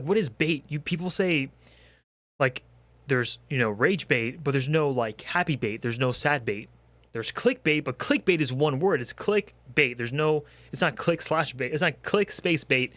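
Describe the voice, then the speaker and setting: A man's voice: medium pitch, fairly bright tone, dry recording. A young man in a comedic rant, exasperated and profane, firing off rhetorical questions. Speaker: commentary creator.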